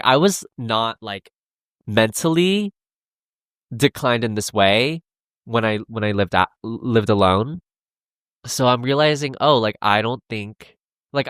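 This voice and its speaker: A young adult man hosting a solo podcast, talking earnestly in a halting way with many restarts and fillers. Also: lowish voice, fairly bright tone, clean tone, no room sound, clean studio sound. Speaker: podcast host. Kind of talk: solo confessional podcast talk.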